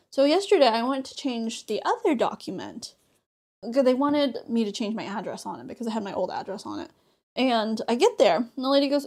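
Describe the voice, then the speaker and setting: A woman's voice: fairly high pitch, sing-song, quick pace, a little mellow. A young woman streaming a crafting session, chatting casually, laughing often and acting out conversations as she tells stories. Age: young adult. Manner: chatty, laughs often, acts out dialogue in storytelling. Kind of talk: casual chat while crafting.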